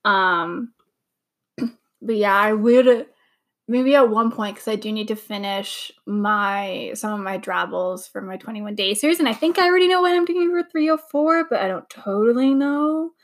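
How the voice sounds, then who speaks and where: A woman's voice: medium pitch, moderate pace, low-quality recording. A young woman hosting a casual watch-along podcast, chatty and gushing, full of "like" fillers. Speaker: podcast host. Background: show audio playing underneath.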